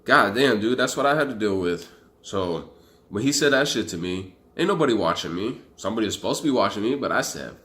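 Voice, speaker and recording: Speaking to camera at a moderate pace, this young Arizona vlogger has a voice on the low side. His storytelling is casual and rambling, animated and full of profanity.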